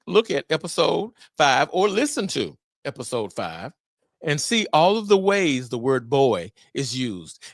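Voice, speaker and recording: Man, podcast host, fired-up preachy delivery, fairly high voice. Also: no echo, clean studio sound. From Memphis area, US. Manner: animated preacher-like delivery, exclamations and laughs. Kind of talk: solo podcast monologue on fatherhood.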